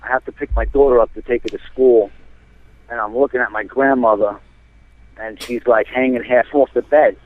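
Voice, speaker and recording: A man from New Jersey, calling in and telling a rambling, animated story with lots of fillers. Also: mid-range voice, normal speed, dry recording. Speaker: caller. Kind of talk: casual storytelling. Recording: tinny phone line.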